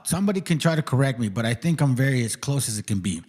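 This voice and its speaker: A man talks loosely on a livestream in a plain mid-range voice. He swears casually and drags out words slowly to demonstrate how they sound. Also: medium pitch, lively intonation, darkish tone. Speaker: co-host explaining a pronunciation.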